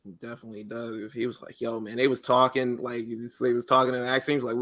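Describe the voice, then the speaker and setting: Podcast dude with a bright sharp voice, acting out what people said. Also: male voice, medium pitch, quick pace, hardly any pauses. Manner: animated storyteller who acts out quotes. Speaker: podcast co-host. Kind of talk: casual chat. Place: podcast studio.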